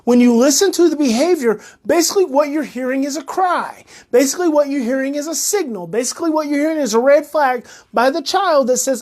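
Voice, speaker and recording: With a high voice, a fairly quick pace and hardly any pauses, a woman who teaches parenting delivers a casual monologue. She's animated, repetitive in her phrasing and gets worked up.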